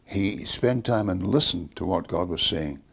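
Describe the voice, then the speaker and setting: An older man speaks in a low, slightly slow voice that is creaky with a breathy edge. In a storytelling interview, he recounts a preacher's ministry, animatedly telling stories and acting out the quoted dialogue of the people in them.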